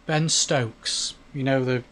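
A man co-hosting a podcast in casual chat, halting and repeating words as he starts. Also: mid-range voice, fairly even intonation, fairly bright tone. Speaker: podcast co-host.

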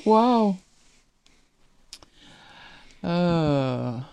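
Streamer, softened northern English accent, casual reaction chat, muses aloud, laughs often, mid pitch. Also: lively intonation, moderate pace. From northern England.

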